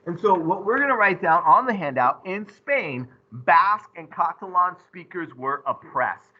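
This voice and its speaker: A male teacher giving an animated, joking classroom lecture to his students. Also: high voice, normal speed, highs cut off, a little hiss or hum.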